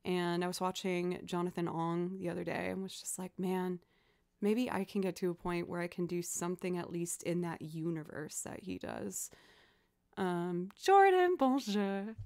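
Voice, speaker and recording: A woman's voice: lowish voice, darkish tone, clear, resonant tone. A woman streaming live as a violinist and looper, chatting casually and thinking aloud between takes.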